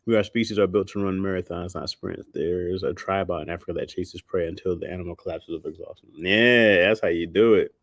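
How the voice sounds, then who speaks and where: Male streamer, low voice, loose slangy rambling, laughs often, dry close sound. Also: brisk, hardly any pauses, no room sound. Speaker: livestream host. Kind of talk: casual chat with viewers.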